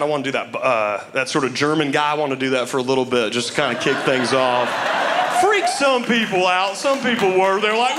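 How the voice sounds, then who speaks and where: A man's voice: fairly high pitch, fairly quick. A man doing a live stand-up set on a club stage, ironic and laughing through his jokes. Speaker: stand-up comedian. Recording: live club recording with crowd noise.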